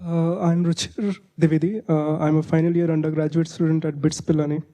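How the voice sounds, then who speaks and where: Male undergrad, 20s, dark monotone, halting self-introduction. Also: a little high, poor audio. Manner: halting, many fillers. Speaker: undergraduate student.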